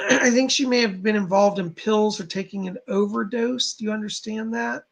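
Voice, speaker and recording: A psychic medium gives live readings in a heavily gravelly voice. His tone is husky and rough. He speaks to viewers in a halting, reassuring way. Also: sits high, a bit bright.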